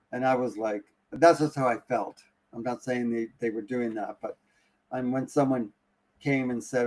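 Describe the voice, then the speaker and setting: A man in the middle of his own range, telling a story casually on a live talk stream. He keeps restarting his sentences and drops to a hush at the tense parts. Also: medium pitch, normal speed. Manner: animated, breathless retelling with many restarts. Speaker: guest.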